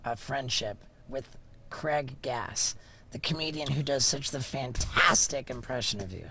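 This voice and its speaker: A male podcast host with a bright, forceful voice. He asks eager, admiring questions in a loose interview chat. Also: medium pitch, unhurried, a little hiss or hum.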